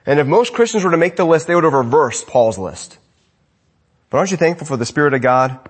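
A man preaching a sermon as pastor, swinging between loud emphatic lines and quiet asides. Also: fairly high pitch, expressive, fairly quick, husky.

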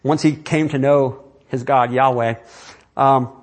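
A man's voice: mid-range voice, steady tone, slow pace. A man preaching a sermon in a conversational way, asking his listeners question after question. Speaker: pastor.

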